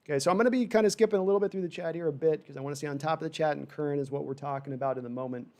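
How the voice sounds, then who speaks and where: Hosting a fan livestream, this man races through his rambling, animated live sports reaction, reading chat and muttering frustrated asides. His voice leans high.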